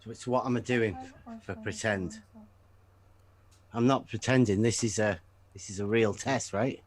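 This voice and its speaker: A man's voice: lowish voice, steady tone, a little slow. A man taking part in a debate as a guest, speaking bluntly and pressing others with questions. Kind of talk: casual debate on a call.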